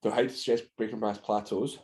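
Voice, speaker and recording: A man's voice: on the low side, fairly even intonation, quick pace, darkish tone. A man, co-hosting a casual podcast, blunt and slangy, reading out listener questions. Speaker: podcast co-host. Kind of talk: casual chat.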